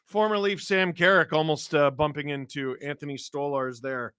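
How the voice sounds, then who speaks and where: A man with a hoarse cold-roughened voice, hosting a live hockey watch-along, calling the play rapidly and reading chat with sudden excited shouts. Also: a little high, no room sound.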